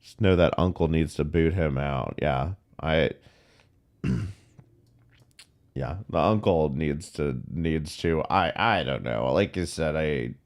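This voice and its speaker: Male commentary host, very low voice, blunt and exasperated reacting to clips. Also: slow pace.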